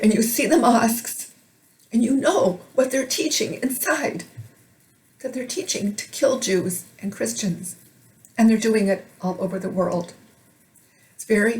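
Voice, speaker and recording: A woman's voice: mid-range voice, darkish tone. A woman from Minnesota delivering an emotional, urgent monologue to camera for her video blog. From Minnesota, United States. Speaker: video blogger.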